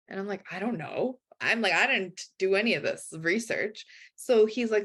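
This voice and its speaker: A woman's voice: a little high, moderate pace, hardly any pauses. A woman guest telling a personal story in a casual interview, acting out the voices of the people in it. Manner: animated, acts out quoted dialogue.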